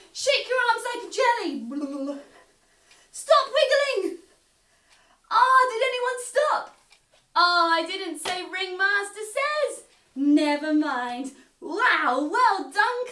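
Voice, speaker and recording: A woman presenter leading young children through circus movement games, animated and sing-song, encouraging them along. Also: sits high. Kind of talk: leading a kids' movement game. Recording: roomy sound from a distant mic.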